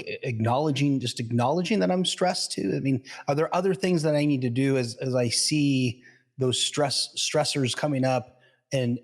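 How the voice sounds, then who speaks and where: A man hosting a podcast, asking conversational interview questions that ramble and restart as he goes. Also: medium pitch. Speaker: podcast host.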